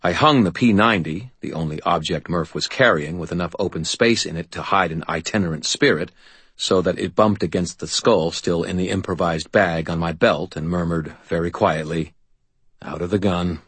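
A man narrating an audiobook in first person with a measured, wry delivery. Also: low voice, fairly bright tone, slightly rough, dry recording.

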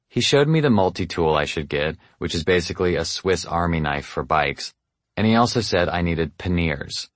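A man's voice: deep voice, expressive, normal speed, dry recording. A man narrating his memoir audiobook in an earnest, self-deprecating way.

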